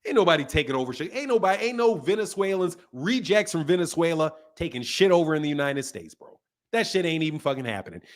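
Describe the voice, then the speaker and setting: A man's voice: a little high, sing-song, fast. A man hosting a casual podcast, ranting emphatically and swearing a lot. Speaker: boxing channel host. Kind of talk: casual profane podcast rant.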